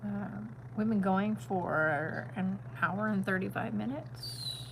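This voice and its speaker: A woman's voice: medium pitch, slow pace, creaky, background noise. A middle-aged woman who is a grandmother, chatting casually and emphatically on a home vlog. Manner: rambling, emphatic, opinionated. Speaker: vlogger and grandmother. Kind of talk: casual chat.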